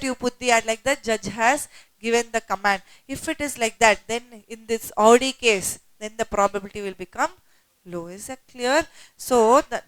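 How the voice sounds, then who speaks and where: A woman teaching an exam-prep lecture, lively and quick to fire questions at her class. Her voice sits slightly high and comes through smooth and clear. The sound is dry and close, with no room around it. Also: dry recording, rough recording. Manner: animated, asks the class rhetorical questions.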